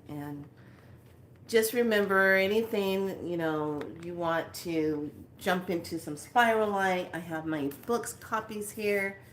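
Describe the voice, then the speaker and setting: Chatty, rambling woman with a low voice. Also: slight background noise. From California, United States. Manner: chatty, rambling, laughs often, dramatizes stories. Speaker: spiritual consultant and author. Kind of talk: casual livestream chat.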